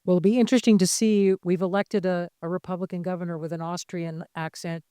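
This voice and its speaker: A middle-aged woman moderating a panel discussion on stage, brisk and joking as she prompts the panelists. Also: lowish voice, level tone, warm tone, smooth, dry recording. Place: conference stage.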